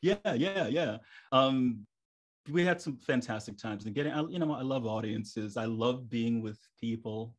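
A middle-aged man, a stage performer guest on a podcast, telling stories in a lively way and acting out his own thoughts. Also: mid-range voice, a little slow. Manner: animated, acts out his own inner thoughts. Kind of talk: casual storytelling interview.

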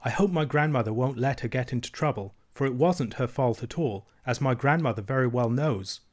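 A man's voice: mid-range voice, a little fast, natural voice. A man reading aloud and voicing a young princess girl who is earnest and insistent, speaking with a raised, eager voice.

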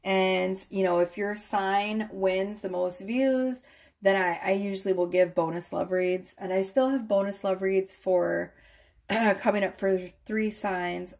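A woman tarot reader chatting casually to her viewers, rambling a little and often checking in with a quick "okay?". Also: mid-range voice, steady tone, darkish tone.

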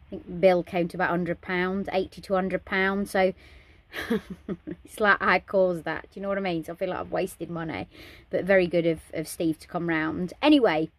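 A woman's voice: on the low side, dry recording. A woman vlogging inside a caravan, chatting casually and sounding exasperated, with lots of ums and restarts. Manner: chatty, exasperated, with many fillers. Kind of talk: casual vlog.

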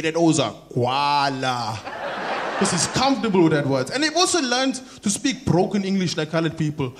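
A high, wildly swooping male voice with a Durban South African accent, performing stand-up on a theatre stage. He keeps the set animated and jumps into impressions of the people he describes. Audience laughter and room noise sit clearly behind him. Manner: animated, switching into mimicked voices. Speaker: stand-up comedian. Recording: live theatre with audible crowd noise.

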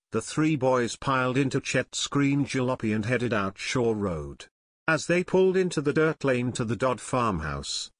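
A man narrating an unabridged youth mystery audiobook in an even reading. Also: medium pitch, no room sound, clean studio sound. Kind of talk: scripted narration.

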